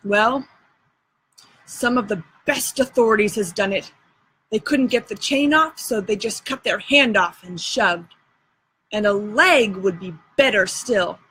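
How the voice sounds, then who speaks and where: A woman's voice: medium pitch, a bit bright, breathy edge, low-quality recording. A woman reading aloud and voicing a bossy, show-off boy adventurer in a drawling folksy dialect.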